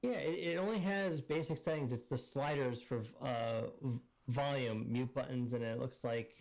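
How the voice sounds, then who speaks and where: A man's voice: mid-range voice, normal speed, a little mellow. A man in casual voice-chat talk, his voice run through an auto-tune changer, rambling with lots of fillers as he looks things up. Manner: rambling, searches aloud, many fillers.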